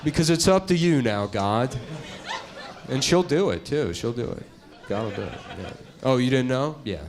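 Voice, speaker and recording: A man doing a stand-up comedy set on stage before a live audience, talking in a crude, deadpan way and slipping into mocking voices. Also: medium pitch, normal speed, heavy background noise.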